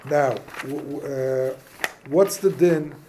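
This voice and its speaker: A man's voice: fairly high pitch, takes it slowly, noisy background. A man teaching an informal Torah class, asking questions and mixing in Hebrew and Yiddish terms. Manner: casual, questioning, yeshivish phrasing mixed with English. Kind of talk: informal Talmudic lesson.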